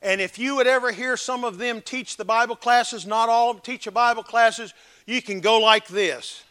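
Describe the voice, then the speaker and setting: A man preaching a sermon, emphatic, swinging between loud exhortation and hushed earnest talk. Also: very high-pitched, normal speed, clear, resonant tone.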